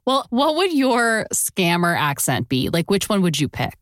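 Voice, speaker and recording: A woman's voice: mid-range voice, very animated, unhurried, a bit bright, dry recording, studio quality. A woman co-hosting a podcast in casual chat, conversational with wry asides. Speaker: podcast co-host.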